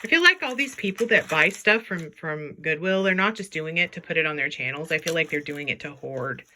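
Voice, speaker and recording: Chatty, lively woman vlogging. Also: low-pitched, fairly quick, slight background noise. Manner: chatty and playful, talks to objects in silly voices. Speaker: jewelry reseller vlogger. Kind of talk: casual chat while sorting jewelry.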